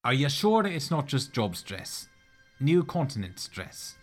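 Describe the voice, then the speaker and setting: A man's voice: medium pitch, sing-song, unhurried, faint music behind. An actor playing a friendly, gossipy male makeup artist.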